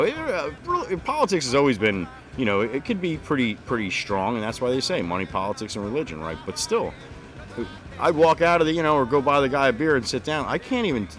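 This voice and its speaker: Animated, profane man hosting. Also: fairly low pitch. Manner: profane, heated and emphatic. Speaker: livestream host. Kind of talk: casual political chat.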